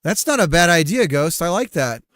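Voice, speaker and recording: A man's voice: a little high, big pitch swings, moderate pace, a bit bright, no room sound, clean studio sound. A man streaming casually while coding, loose and joking, talking to his chat and swearing now and then.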